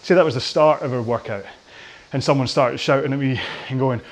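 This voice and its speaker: A man's voice: medium pitch, fairly quick. A man hosting a rowing workout from his home garage, chatting casually in a rambling, jokey and self-deprecating way during the cool-down.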